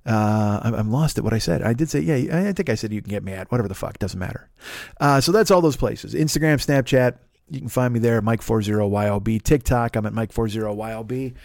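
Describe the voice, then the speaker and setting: A man's voice: medium pitch, quick pace, creaky, darkish tone, dry recording, studio quality. A man hosting a podcast, delivering an angry, profane comedic rant and mocking the people he talks about. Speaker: podcast host.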